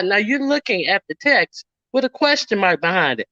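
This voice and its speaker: An indignant woman streamer ranting in casual commentary, slipping into quoted voices as she retells arguments. Her voice sits at an ordinary middle pitch. The sound is dull and lo-fi, dry and close. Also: very animated, moderate pace, sharp tone, no room sound.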